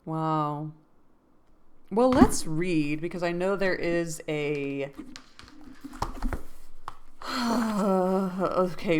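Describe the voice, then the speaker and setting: A woman's voice: lowish voice, animated, drawn-out words, pauses often, darkish tone, slight background noise. A woman reading a classic novel aloud in a casual way. She stops to look things up and makes joking asides. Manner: laughs to herself, jokey asides. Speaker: book-club host.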